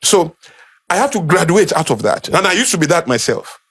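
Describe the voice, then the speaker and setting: Nigerian man, Yoruba accent, slightly raised pitch, emphatic and conversational delivery to a room. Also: very animated, a little fast, fairly bright tone, breathy edge. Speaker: speaker. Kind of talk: informal talk to a small group.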